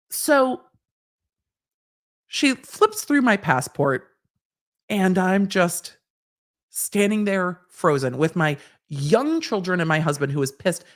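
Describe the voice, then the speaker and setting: A woman's voice: low-pitched, very animated, measured pace, pauses often. A woman hosting a live stream, telling a personal anecdote in a wry, casual way with the odd swear. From Southern California.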